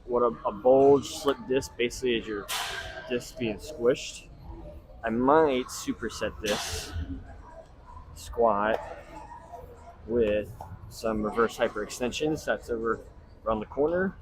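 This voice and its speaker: Young male fitness vlogger, casual and profane, mid-pitch, gym noise behind. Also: takes it slowly, long pauses. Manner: casual, swears, coaching asides to viewers. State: out of breath between sets. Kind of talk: casual gym vlog talk.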